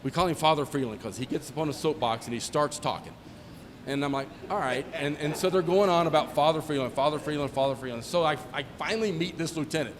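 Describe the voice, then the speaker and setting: A man's voice: a little high, fast. A middle-aged man, a former squadron commander, giving a joking anecdotal speech at a retirement ceremony and acting out the dialogue in his stories. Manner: joking storyteller who acts out dialogue. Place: ceremony hall. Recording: long hall reverb, faint ambient noise.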